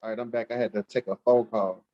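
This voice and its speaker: A man's voice: fairly low pitch, steady tone, fast talker, dry recording, dull audio. A man hosting a livestream, teasing his chat in a playful, laughing way. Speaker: livestream host.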